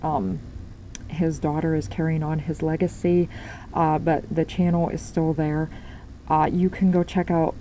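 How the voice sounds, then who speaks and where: A woman's voice: fairly low pitch, dark tone, a little hiss or hum, low-quality recording. A woman giving a spiritual tarot reading, talking in a rambling way with many fillers and restarts. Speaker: tarot reader.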